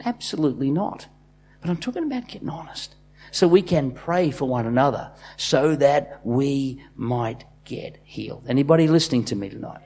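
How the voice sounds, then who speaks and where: A man preaches from the pulpit, his voice husky and slightly breathy. He pushes hard on key lines with rising force, then falls back to low, confiding asides, all in a middle register. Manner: impassioned, swinging from loud bursts to quiet asides. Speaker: pastor. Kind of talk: sermon.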